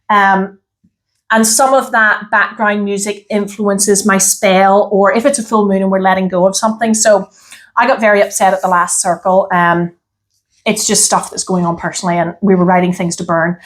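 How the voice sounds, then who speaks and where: An Irish woman in casual chat, rambling and laughing often, acting out her own past lines. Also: medium pitch. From Ireland. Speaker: podcast co-host.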